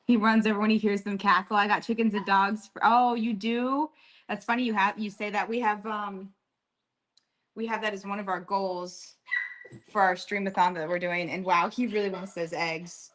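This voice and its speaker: A woman streamer chatting casually while cooking at home, coaxing her dog in a high sing-song voice and reading chat aloud. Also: fairly even intonation, normal speed, fairly bright tone. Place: home kitchen.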